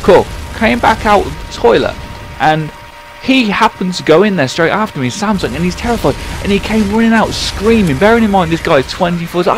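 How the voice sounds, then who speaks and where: A man's voice: high voice, a little fast, soft background music. Young guy telling a funny story. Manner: animated anecdote-telling, casual swearing. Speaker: YouTube gameplay commentator. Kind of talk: casual storytelling voiceover.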